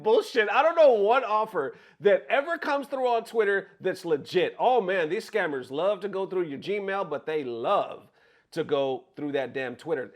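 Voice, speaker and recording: A man talking casually to his viewers, swearing freely and acting out what other people said. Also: high voice. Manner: animated, swears freely, acts out quotes. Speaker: content creator. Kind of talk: casual commentary vlog.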